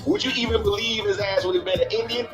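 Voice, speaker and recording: A man's voice: high voice, steady tone, fast talker, over music, low-quality recording. A man hosting a casual reaction show, giving blunt, preachy commentary and swearing freely. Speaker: host.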